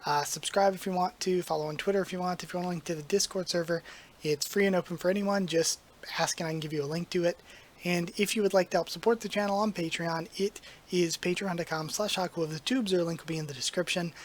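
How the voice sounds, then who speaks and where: Casual reviewer voice, slightly hoarse, rambling and chatty, mid pitch. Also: steady tone, fast talker. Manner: rambling, conversational, frequent "like" and "um". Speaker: YouTube channel host reviewing manga chapters.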